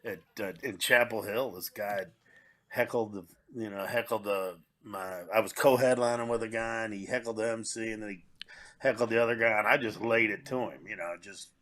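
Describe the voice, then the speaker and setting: A man hosting a podcast, telling a comedy-club anecdote in casual chat with quick asides. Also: on the low side, fairly even intonation, a bit bright.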